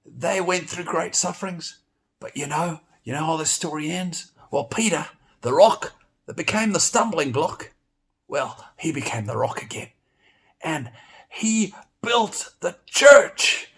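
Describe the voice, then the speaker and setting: A man teaching a children's Bible lesson, telling the story in a playful, animated way and exclaiming often. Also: fairly high pitch, moderate pace, gravelly.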